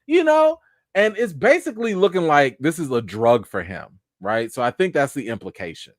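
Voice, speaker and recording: A man hosts a casual live review and talks straight to his viewers in slang. His voice sits fairly high and swings widely in pitch. The recording is dry and close. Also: very animated, normal speed, no echo. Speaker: TV series reviewer and live-chat host.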